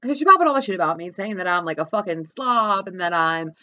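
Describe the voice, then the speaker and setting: A woman's voice: fairly low pitch, animated, fast, bright, forceful tone, dull audio. A woman from South Jersey ranting profanely and bluntly in a vlog, talking from her car. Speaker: vlogger. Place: car with dogs.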